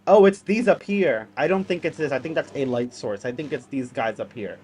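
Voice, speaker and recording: A young man hosting a live stream, reacting to videos with animated exclamations and jokes in casual commentary. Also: medium pitch, a little fast, a little hiss or hum.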